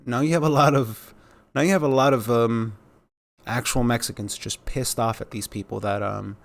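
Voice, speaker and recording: A man's voice: medium pitch, steady tone, normal speed, creaky. A man giving casual, rambling commentary on news clips, with many fillers and sarcastic asides.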